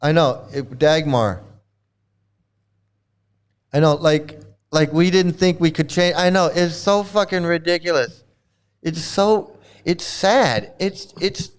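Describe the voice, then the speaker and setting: Speaking slowly in a slightly high voice, this male livestream commentator is exasperated and emphatic. He curses frequently and keeps saying the same things over.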